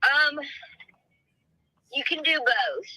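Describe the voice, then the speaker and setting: A woman's voice: high voice, animated, drawn-out words, sharp tone, dry recording. A woman from Texas, a realtor speaking on a phone call in a friendly, polite way.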